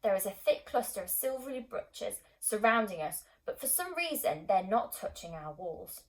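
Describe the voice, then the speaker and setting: Woman calmly narrating an audiobook. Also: medium pitch, poor audio. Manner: calm, measured storytelling. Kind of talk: scripted narration.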